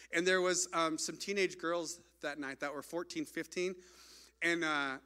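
A man's voice: a little high, fairly even intonation, moderate pace, pushed and bright. A man on a stage, telling a mission trip story in a chatty way, full of "like" and restarts. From United States. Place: stage in front of an audience.

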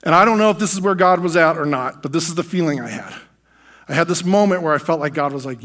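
A man's voice: fairly high pitch, lively intonation, fairly quick, fairly bright tone. Earnest American man preaching a testimony. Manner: earnest, emotional storytelling. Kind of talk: personal testimony sermon.

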